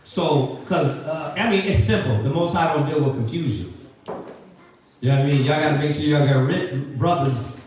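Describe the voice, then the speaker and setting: A man's voice: fairly high pitch, moderate pace, darkish tone, a little hiss or hum. Guy preaching to a class, slangy, keeps asking questions, far off in a real echoey room. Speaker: teacher leading a Sabbath scripture class. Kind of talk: call-and-response scripture teaching. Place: classroom or meeting hall with a live group.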